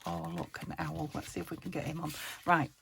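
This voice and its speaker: Chatty croaky woman crafting on camera. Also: deep voice, steady tone, brisk, a little hiss or hum. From United Kingdom. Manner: chatty, self-chiding, thinks aloud while working. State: slightly croaky voice. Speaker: crafting channel host. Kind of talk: casual craft tutorial chat.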